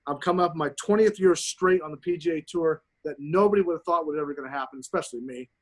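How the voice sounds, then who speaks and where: A man in his forties, a pro golfer telling profane, animated stories as a podcast guest. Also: a little high, fast talker. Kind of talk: casual storytelling.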